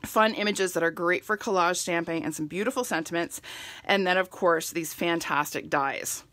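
A woman's voice: mid-range voice, fairly bright tone, dry recording. A middle-aged woman giving a chatty live crafting demonstration and greeting viewers by name as she works. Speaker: stamping demonstrator.

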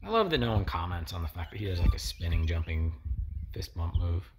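Against a noisy background, a low-voiced gameplay streamer talks briskly and with lots of animation. His let's play commentary is casual and rambling, sprinkled with wry comments to viewers.

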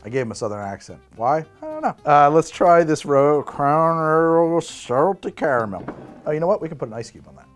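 A man's voice: a little high, lively intonation, moderate pace, soft background music. A man hosting a casual spirits tasting vlog, joking and breaking into laughs as he talks. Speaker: host.

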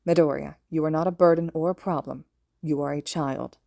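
A weary, gruff male teacher, as a woman reads him, speaks low and quietly in measured phrases. The voice sits deep and mellow for a fan audiobook, recorded dry and close. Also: steady tone, no room sound. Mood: gentle, serious.

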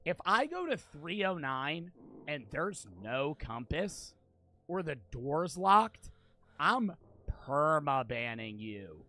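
A man's voice: a little high, big pitch swings, slow pace. Cursing, exasperated young male streamer. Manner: swears constantly, repeats himself, swings between muttering and shouting. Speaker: gaming streamer. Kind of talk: frustrated let's-play commentary.

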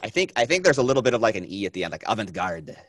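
A man teaching a film class, lecturing in a chatty, energetic way, with many fillers and repeated phrases. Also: mid-range voice, very fast, no echo.

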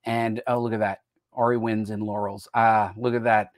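A man's voice: fairly low pitch, flat delivery, moderate pace, dry recording, clean studio sound. An American man hosting a casual live-stream chat, talking in a rambling way and jumping between topics mid-sentence. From United States. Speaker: host.

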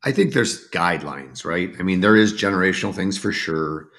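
Very deep-voiced man in casual chat. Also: lively intonation, normal speed, a bit bright. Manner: reflective, restarts thoughts mid-sentence. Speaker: podcast co-host and recruiter.

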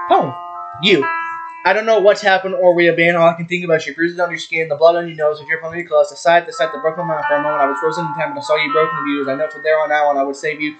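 A young man with a slightly high voice reads a visual novel out loud at a brisk clip, tripping over names and cursing at himself as he goes. Game music plays clearly behind him. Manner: reads fast, stumbles on names, swears and laughs at himself. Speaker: gaming YouTuber. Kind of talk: reading a visual novel aloud with commentary. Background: background music.

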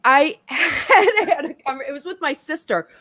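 A woman hosting a casual talk show over a video call. She sounds upbeat and laughs easily, with a slightly high voice. The sound is dry and close, with little room echo. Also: animated, normal speed, pushed and bright. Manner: upbeat, laughs often, cheers people on. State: out of breath. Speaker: host.

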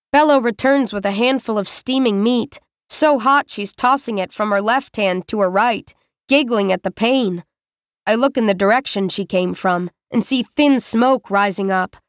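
A woman's voice: medium pitch, no echo, clean studio sound. Woman reading a first-person audiobook. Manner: measured, reflective storytelling. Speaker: audiobook narrator. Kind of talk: first-person scripted narration.

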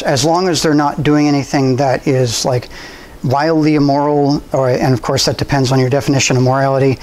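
Man giving a relaxed club talk. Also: a little high, rough recording. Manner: conversational, relaxed, with frequent restarts and ums. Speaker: presenter. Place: university room.

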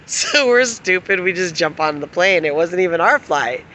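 Middle-aged woman, vlogger; rambling, giggly storyteller with a bright, forceful tone who swears freely. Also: fairly low pitch, measured pace, a little hiss or hum. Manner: giggly, laughs often while telling stories. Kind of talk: casual storytelling to camera.

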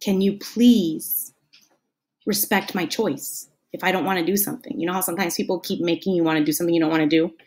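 A woman's voice: fairly low pitch, fairly even intonation, brisk, a little mellow. A woman teaching a lesson to children in a patient, friendly way, acting out the example sentences. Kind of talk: classroom lesson talk.

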